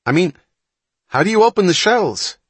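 A man voicing a loud, fussy city man with a nasal Brooklyn drawl in an audiobook. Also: mid-range voice, normal speed, breathy edge, no echo, voice pushed up. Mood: loud, indignant.

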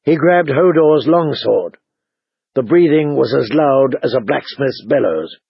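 A man narrating a fantasy audiobook in a measured, dramatic storytelling manner. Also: mid-range voice, expressive, gravelly, husky, dry recording. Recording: dull lo-fi recording.

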